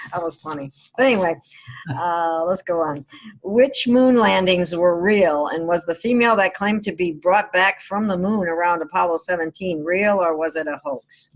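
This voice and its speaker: A woman's voice: fairly low pitch, moderate pace, poor audio. A woman hosting a casual podcast who reads out listener questions and laughs easily. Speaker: podcast host.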